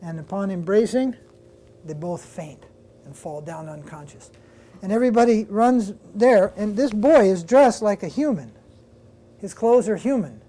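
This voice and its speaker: A man's voice: high voice, lively intonation, unhurried, warm tone. A man, a swami, giving a devotional class, retelling a story in a loose, conversational way with restarts and asides to his listeners. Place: lecture room with listeners.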